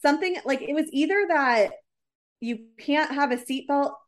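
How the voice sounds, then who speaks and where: A woman chatting casually, telling a story in an animated way with lots of filler words. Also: high voice, normal speed. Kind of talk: casual chat.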